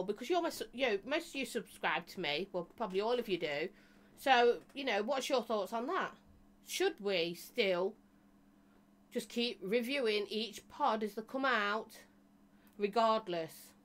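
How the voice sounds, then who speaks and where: A woman's voice: medium pitch, a bit bright. A woman hosting a live stream, chatting casually with viewers in a rambling way full of "you know" and restarts. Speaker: live-stream host and vape reviewer.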